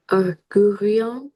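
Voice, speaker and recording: Woman, mid-pitched student, very slow and halting, sounding out each word with restarts. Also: a little mellow. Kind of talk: reading vocabulary aloud in a lesson.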